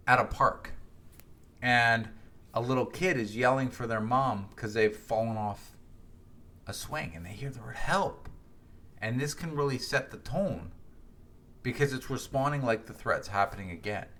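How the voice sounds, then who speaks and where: Middle-aged guy on a solo podcast, bright clear voice, chatty and reflective, keeps checking in with "right?". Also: mid-range voice, measured pace. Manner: conversational, frequent "right?" and restarts. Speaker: podcast host.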